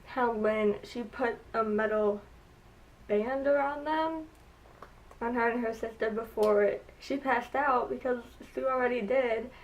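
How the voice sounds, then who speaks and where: A woman's voice: a little high, distant mic, low-quality recording. A young woman chatting casually in a review vlog, gushing and filling her talk with "like" and "oh my gosh". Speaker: vlogger reviewing a TV show. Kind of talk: casual chat.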